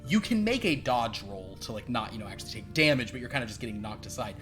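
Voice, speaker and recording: A man running a tabletop game as game master, rambling and halting with many fillers. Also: mid-range voice, big pitch swings, over music.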